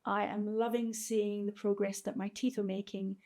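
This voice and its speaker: A woman's voice: mid-range voice, flat delivery, moderate pace, mellow. A woman in her fifties speaking candidly and from the heart in a personal video diary. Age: 50s. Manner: candid and heartfelt, openly emotional. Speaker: vlogger.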